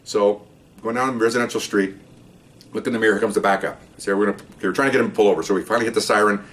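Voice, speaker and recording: A man's voice: fairly low pitch, very fast. An older man, a retired police officer telling a story casually and acting out the voices of the people in it. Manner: animated, acts out voices in the story.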